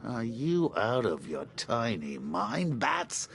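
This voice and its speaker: An actor playing a taunting, manic male clown villain in a video game, with a gravelly, mocking, sing-song delivery. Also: medium pitch, wildly swooping pitch, slow pace, fairly bright tone, full character voice. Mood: pleading taunts. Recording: game audio under noisy gameplay.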